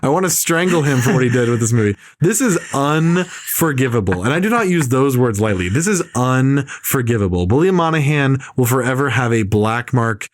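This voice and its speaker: A man co-hosting a casual podcast, tearing into a movie with blunt, repeated verdicts. His voice sits at an ordinary middle pitch and is recorded dry, with no room sound. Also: expressive, quick pace, hardly any pauses, no room sound. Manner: emphatic, repetitive ranting. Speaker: podcast co-host.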